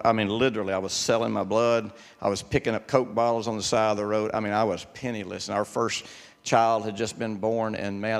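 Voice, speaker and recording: A man's voice: on the low side, creaky, big-room sound. An older man preaching a sermon, telling folksy personal stories and repeating words for emphasis.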